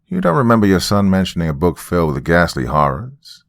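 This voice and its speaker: A man voicing a stern older grandmother who speaks sharply and with quiet menace. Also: deep voice, big pitch swings, a little fast, vocal fry, no room sound, studio quality, exaggerated voice. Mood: cold.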